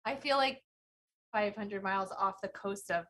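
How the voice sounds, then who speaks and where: A woman's voice: mid-range voice, moderate pace, fairly bright tone, husky. A woman who is a bubble magician, chatting tentatively and with giggles as a podcast guest. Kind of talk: casual podcast chat.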